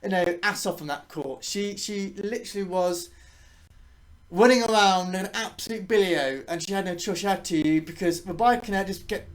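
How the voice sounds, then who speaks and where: A woman's voice: medium pitch, moderate pace. A woman giving a casual, rambling reaction to a match as a channel host. She swears freely and often restarts her sentences.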